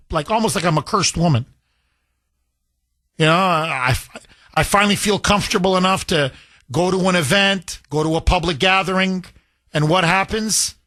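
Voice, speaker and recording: Radio host guy, high-ish voice, indignant and animated, taking calls in studio. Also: normal speed, pauses often. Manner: animated, indignant, repeats phone number. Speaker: radio talk show host. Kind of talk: talk radio monologue.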